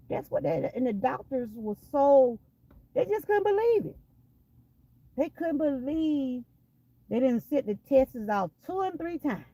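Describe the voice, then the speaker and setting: A woman's voice: sits high, very animated, unhurried, long pauses, warm tone, poor audio. A woman with a Southern US accent from Georgia, giving an emphatic personal faith testimony and repeating phrases for weight. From Georgia, USA. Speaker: vlogger sharing a testimony.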